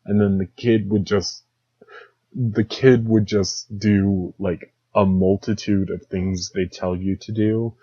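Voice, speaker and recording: A man's voice: lowish voice, little pitch movement, slow, mellow, breathy edge, no echo. A young man hosting a solo comedic podcast, rambling sarcastically and slipping into mocking impressions. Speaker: podcast host. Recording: dull lo-fi dry recording.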